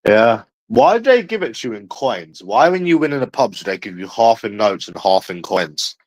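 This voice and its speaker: A man's voice: on the low side, very animated, normal speed, low-quality recording. A man in a profane, rambling livestream chat, calling his viewers bro and mate.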